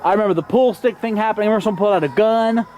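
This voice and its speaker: Quick-talking young man, teasing. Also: high voice, darkish tone. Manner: teasing, skeptical questions. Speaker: son filming and prompting stories. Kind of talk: casual chat.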